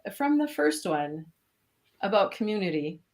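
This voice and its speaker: A woman's voice: medium pitch, sing-song, moderate pace, darkish tone. A woman with a Minnesota accent, a guest in a casual live-stream interview, chatty and laughing often. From Minnesota, USA. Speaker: interview guest, course alumna.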